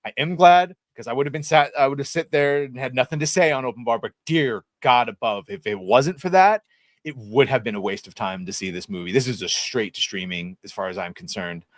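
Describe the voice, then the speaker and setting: A man's voice: mid-range voice, a little fast, no room sound. Opinionated man hosting a dry podcast. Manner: opinionated, rambling. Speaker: podcast host. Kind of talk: casual panel chat.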